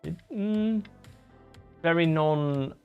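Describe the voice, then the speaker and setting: Low-voiced woman chatting on a livestream. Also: drawn-out words, clear, resonant tone, narrow, tinny audio, faint music behind. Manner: chatty, reads viewer comments aloud and answers them. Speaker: live-streaming guitarist. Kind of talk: casual live-stream chat.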